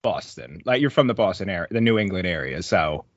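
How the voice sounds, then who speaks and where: A man's voice: low-pitched, big pitch swings, brisk, no room sound. A man in a casual chat, amused and laughing as he talks. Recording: dry, slightly dull lo-fi sound.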